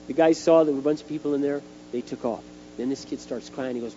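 A middle-aged man preaching a sermon, telling stories in an animated way and acting out the scenes. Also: medium pitch, fast talker. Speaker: youth speaker. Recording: dull lo-fi tape with faint hum.

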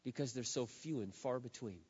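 A middle-aged man preaching a sermon as a pastor, with emphatic, drawn-out stresses and swings from loud to hushed. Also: mid-range voice, slightly rough. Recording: echoey hall, dull lo-fi sound.

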